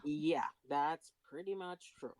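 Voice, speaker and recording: A woman's voice: deep voice, takes it slowly, darkish tone, no room sound, poor audio. A woman co-hosting a rewatch podcast, mostly chiming in with short agreeing remarks. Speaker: podcast co-host. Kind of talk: casual rewatch podcast chat.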